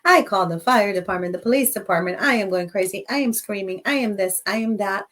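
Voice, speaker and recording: A woman's voice: medium pitch, fast, a bit bright. Bilingual woman hosting a casual live chat. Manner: switches between English and Spanish, storytelling with laughs. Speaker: host of a live show.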